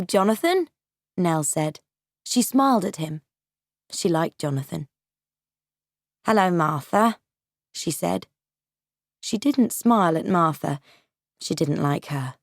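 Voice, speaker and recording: A woman narrating an audiobook for English learners, slow, clear and carefully paced. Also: fairly low pitch, darkish tone, no room sound, studio quality. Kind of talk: scripted narration of a graded reader.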